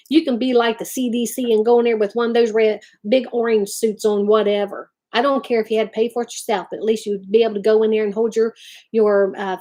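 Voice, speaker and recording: A middle-aged woman hosts a live chat, speaking in a somewhat high voice. She talks straight to her viewers, emphatic and heartfelt. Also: darkish tone. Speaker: livestream host.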